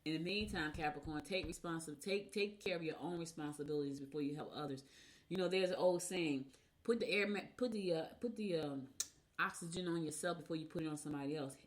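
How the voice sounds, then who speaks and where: Low-voiced chatty woman host. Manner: talkative, rambles into personal asides; talks fast by her own account. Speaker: radio show host. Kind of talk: casual chatty horoscope reading.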